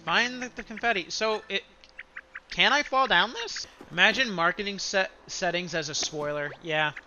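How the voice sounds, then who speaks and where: A man giving loud, excitable let's-play commentary, gasping and cracking crude sarcastic jokes, with game music faintly behind. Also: high-pitched, moderate pace, dull audio, a little hiss or hum. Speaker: gaming streamer.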